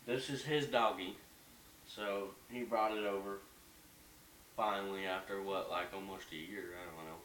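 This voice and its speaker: A man's voice: sits low, steady tone, normal speed, a bit bright. A young man ranting in a casual home vlog, heated and profane, rambling as he goes. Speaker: vlogger. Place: bedroom at home. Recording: echoey room, mic at a distance, faint hiss.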